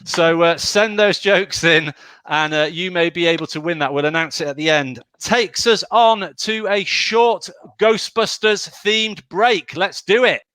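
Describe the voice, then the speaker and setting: A man hosts a live online pun show with chatty, laughing asides. His voice is bright and a touch high, recorded close and dry with no room sound. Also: a little slow, clean tone, no room sound. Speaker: host of an online pun contest. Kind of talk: casual live-show hosting.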